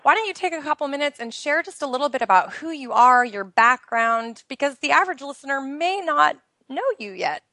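Bright-voiced woman hosting a live interview. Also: sits high, expressive, a little fast, no echo, clean studio sound. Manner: friendly, encouraging prompts. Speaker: podcast host.

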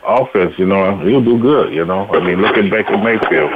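A man's voice: sits low, moderate pace. A man giving casual football opinions as a guest, rambling with many fillers and restarts. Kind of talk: casual sports talk. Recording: phone line with faint noise.

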